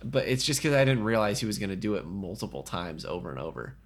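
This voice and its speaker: A man's voice: lowish voice, very animated, fast. A man co-hosting a casual movie podcast, jokey and rambling, laughing often. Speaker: podcast co-host.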